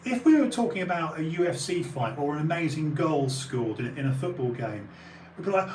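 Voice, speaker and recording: British man, auction house owner, podcast talk full of fillers and restarts; slightly raised pitch, recorded distant in a reverberant room. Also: animated, moderate pace, a little mellow, a little hiss or hum. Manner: rambling, full of fillers and restarts, bursts of emphasis. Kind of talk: casual podcast conversation.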